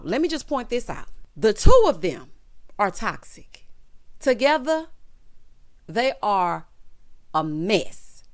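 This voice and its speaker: A woman's voice: mid-range voice, fairly bright tone, no room sound. Sassy woman recapping reality TV. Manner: sassy, opinionated, acts out quotes in character. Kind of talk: casual recap commentary.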